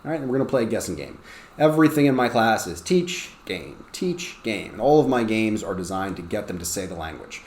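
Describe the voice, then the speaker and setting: A man's voice: lowish voice, animated, a little fast, darkish tone. A male ESL teacher talks other teachers through a lesson plan in a conversational way, often checking in with "okay?". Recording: roomy with faint background noise.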